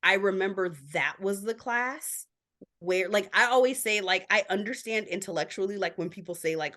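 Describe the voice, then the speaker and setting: A woman's voice: medium pitch, normal speed, a bit bright. A woman guest on a podcast, telling her family story openly, with lots of filler likes. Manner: open, candid storytelling. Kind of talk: casual interview chat.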